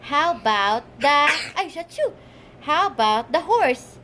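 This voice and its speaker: A woman's voice: high-pitched, sing-song, slow, noisy background. A young woman at home, coaxing her toddler in a sing-song voice while filming on a phone. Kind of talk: casual home vlog.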